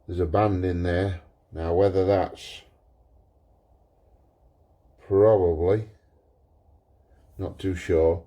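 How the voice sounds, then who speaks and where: A man, a pipe maker talking through his workshop repair in a relaxed, thinking-aloud way. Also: deep voice, extremely slow, long pauses. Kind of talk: workshop vlog.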